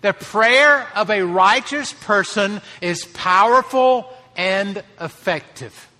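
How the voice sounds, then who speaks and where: A man preaching a sermon, his voice pitched high and ringing bright. He speaks earnestly and lifts his voice to drive key phrases home. The sound trails off into the long reverb of a hall. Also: takes it slowly. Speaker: pastor.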